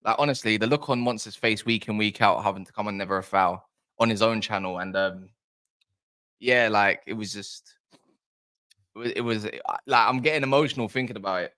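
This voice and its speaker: A man hosting a casual football fan live chat, excitable and rambling, bantering with viewers' comments. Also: on the low side, normal speed, smooth. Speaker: football fan livestream host.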